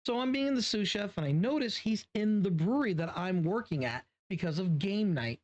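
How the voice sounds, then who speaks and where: A man's voice: high voice, animated, moderate pace, darkish tone. A man reviewing beer who tells a long personal story casually, rambling and swearing, often restarting his sentences. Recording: dull lo-fi sound.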